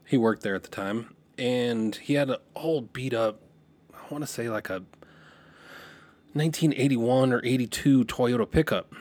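Rambling through a tale from his younger days, a middle-aged man hosting a podcast keeps restarting sentences and correcting himself. He speaks at a moderate pace in a medium-pitched voice, livening up whenever he quotes someone.

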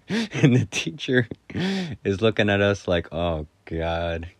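A man's voice: fairly low pitch, very animated, slow pace, gravelly, no echo. A middle-aged man casually telling stories, laughing often and rambling with crude humor. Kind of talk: casual storytelling monologue.

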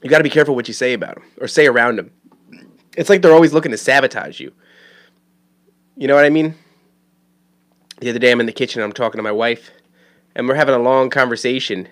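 A man speaking as a father in a loose, unscripted monologue. He talks at a middle pitch, rambles, swears often and restarts his sentences, repeating words as he finds his way. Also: fast, pauses often, fairly bright tone. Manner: rambling, profane, many restarts. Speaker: father talking about his son. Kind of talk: casual monologue.

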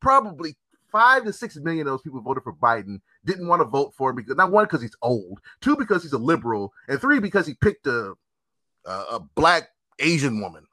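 A bright, sharp-voiced man rants through a casual podcast chat, swearing and hammering his points. His pitch leaps around freely, and the sound is close and dry with no room around it. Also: fairly quick, no room sound. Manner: animated, profane, emphatic ranting.

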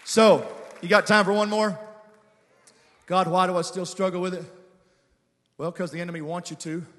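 A man preaching a guest sermon, calling on the congregation to respond, moving between quiet conversational asides and shouted, drawn-out declarations. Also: high voice, level tone, some chatter behind. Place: large church sanctuary with reverb. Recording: long church hall reverb.

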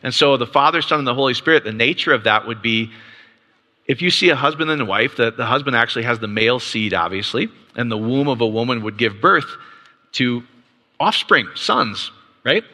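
A man's voice: medium pitch, animated, brisk, sharp tone. A man giving a casual Bible teaching with slides to a live group, checking in with rhetorical questions and often restarting his sentences. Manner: casual, peppers points with rhetorical "right?"; frequent restarts and stammered repeats. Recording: long reverb of a large hall.

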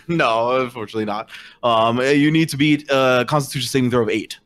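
A man's voice: mid-range voice, fairly quick, fairly bright tone, a little hiss or hum. A man narrating a tabletop game as game master, rambling with lots of fillers.

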